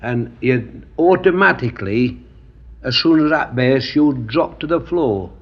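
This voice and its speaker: A man's voice: mid-range voice, lively intonation, a little slow. An older male veteran recalling the war in a plainspoken, matter-of-fact way. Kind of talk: reminiscing interview. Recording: dull lo-fi archive recording.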